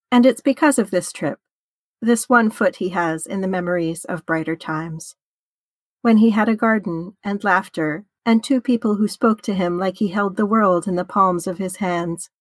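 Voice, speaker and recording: A woman's voice: mid-range voice, no echo. Brief: woman narrator, wry conversational audiobook read, close dry mic. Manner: wry, conversational storytelling with casual swearing. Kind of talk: audiobook fan fiction reading.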